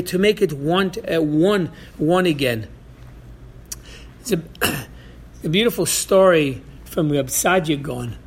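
A man giving a religious lesson, telling a story in a halting way with many repeated words. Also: high voice, breathy edge. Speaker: Torah teacher.

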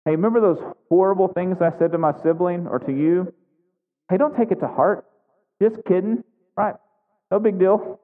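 A man's voice: high voice, normal speed, voice pushed up, natural voice. A man putting on a flippant kid brushing it off. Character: flippant child brushing off an apology. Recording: tinny echoey hall recording.

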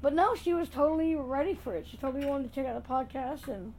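A woman hosting her own podcast, chatting in a gushing, excitable way. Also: high-pitched, quick pace, a little hiss or hum, rough recording. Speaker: podcast host. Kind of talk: casual podcast chat.

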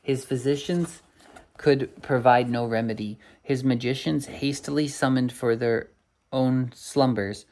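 A man reading a story aloud, sometimes stumbling and going back over words. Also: mid-range voice. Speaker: reader.

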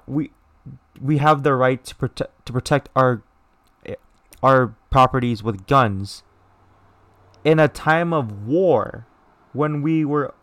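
A young American man hosting a casual solo podcast, reading a news story aloud and ranting bluntly with plenty of swearing and restarts. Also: medium pitch. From United States. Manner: blunt and profane, with many restarts and mocking voices. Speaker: podcast host.

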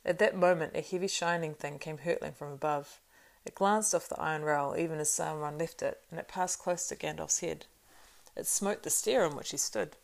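A woman reading a fantasy audiobook, narrating in a steady, unhurried way. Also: low voice, gravelly. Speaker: audiobook reader.

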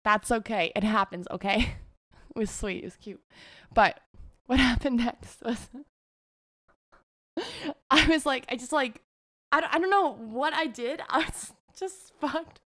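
A woman's voice: fairly high pitch, a little slow, long pauses, fairly bright tone, no echo, studio quality. Frank, foul-mouthed young woman. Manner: frank and profane, laughing often. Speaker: vlogger. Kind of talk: candid confessional storytelling.

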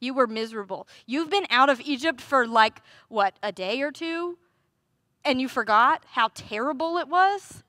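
A woman delivers a sermon in a high, bright voice. She talks conversationally, with rhetorical questions and lively asides. The sound is close and dry. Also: moderate pace, no room sound. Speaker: preacher.

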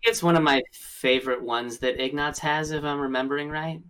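A man in casual chat, answering calmly with brief remarks. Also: on the high side, fairly quick, clear, resonant tone. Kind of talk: casual chat about a video game.

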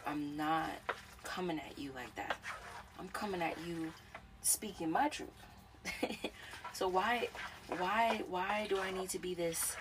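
Woman, lowish voice, impassioned direct address, repeats herself, distant mic, clear background noise. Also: slow pace, pauses often. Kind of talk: emotional personal monologue.

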